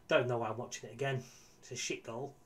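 A man's voice: mid-range voice, a little hiss or hum. A man giving casual, exasperated commentary on his football management game, swearing and talking to his viewers. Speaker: gaming YouTuber.

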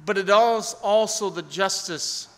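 A man preaching a sermon as pastor, earnestly, rising to pleading appeals and falling to near-hushed tones. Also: sits high, measured pace. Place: church sanctuary. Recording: long hall reverb.

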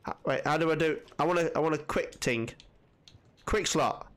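A man with commenting on a video game he is playing, excitable, jumpy and swearing often. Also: on the high side, fast. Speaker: gaming channel host. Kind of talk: let's-play commentary.

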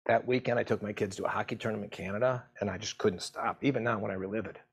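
Middle-aged man, husky and lowish, halting and emotional storytelling. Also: steady tone. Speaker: physician assistant and medical educator. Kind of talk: personal story told to camera.

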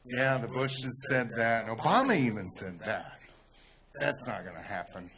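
A man with a Texan accent telling a story in a speech to a crowd, rising to loud, emphatic peaks. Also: mid-range voice, animated, normal speed. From Texas. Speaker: speaker at a rally.

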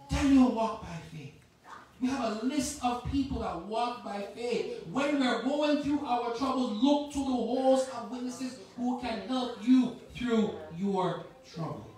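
Lady preacher in a church, swings loud to quiet, really echoey and kinda far from the mic. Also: on the high side. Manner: impassioned, swings from loud exhortation to quiet reflection. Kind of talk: sermon. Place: church sanctuary.

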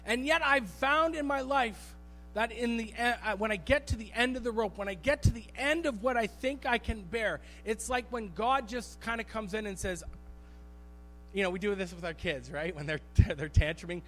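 A man preaching a sermon as pastor in a church, animated and storytelling, repeating phrases for emphasis. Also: high voice, moderate pace. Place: church sanctuary.

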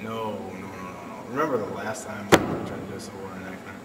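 A man's voice: sits low, fairly even intonation, quick pace. A young man in a comedy sketch, questioning his partner with exasperation. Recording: echoey room from a distance, noisy.

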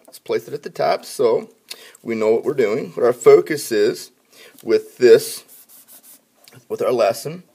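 Gravelly upbeat male spelling teacher. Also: medium pitch, expressive, a little slow, pauses often. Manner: upbeat teacher talk, drops to quiet asides at the board. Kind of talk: classroom instruction video.

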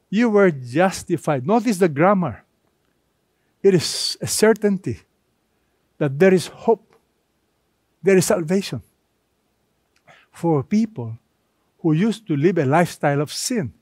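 A man's voice: sits high, expressive, a little slow, pauses often, a little mellow, no echo. A male pastor preaching a sermon, emphatic, asking rhetorical questions of the congregation.

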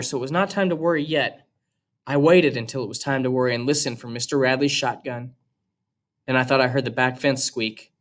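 A man teaching a class reads a novel aloud and stops to explain it. He speaks in a measured, explanatory way. His voice sits slightly high for a man. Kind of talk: reading a novel aloud with commentary.

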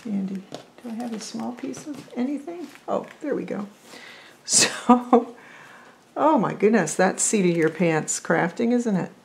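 A woman's voice: fairly high pitch, a little slow, creaky. A woman vlogging as she makes paper crafts, chatty and thinking aloud as she works. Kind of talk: casual crafting chat.

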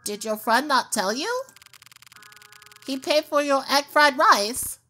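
A woman's voice: high-pitched, animated, slow, pushed and bright, exaggerated voice. A woman voicing a polite female restaurant clerk in a video game, speaking formally and courteously.

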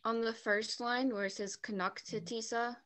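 A woman's voice: on the high side, steady tone, moderate pace, a bit bright. A woman student in an online language class, eagerly answering and asking follow-up questions over a video call.

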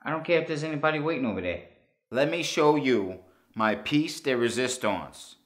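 A man's voice: medium pitch, animated, normal speed. Brash crude man with Boston accent. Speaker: inventor pitching to investors. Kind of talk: comedy sketch pitch. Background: music.

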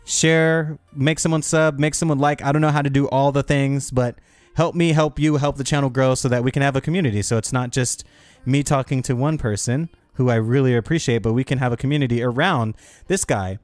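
A man's voice: mid-range voice, fairly even intonation, fairly quick, darkish tone, no echo. Chatty male streamer, dry close mic. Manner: upbeat, chatty, talking to viewers. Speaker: live streamer. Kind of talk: casual live-stream chat.

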